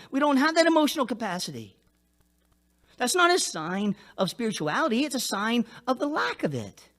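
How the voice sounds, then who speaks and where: Animated male pastor preaching. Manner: animated, acts out quoted people in a higher voice. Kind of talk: sermon.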